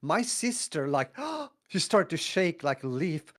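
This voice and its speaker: Animated Swedish-accented man telling stories. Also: a little slow. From northern Sweden. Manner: animated, acts out quotes with big pitch jumps, laughs often. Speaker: podcast co-host. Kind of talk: casual storytelling chat.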